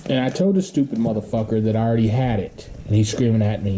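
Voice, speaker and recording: A man telling a story in a casual monologue, blunt and profane, swearing constantly and pausing often as he goes. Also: fairly low pitch, mellow, slight background noise.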